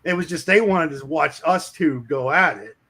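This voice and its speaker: Brief: animated man spinning a foul-mouthed shop-floor yarn, slightly high voice. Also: normal speed. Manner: animated, acts out shouting coworkers. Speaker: streamer telling a work story. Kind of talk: casual storytelling with profanity.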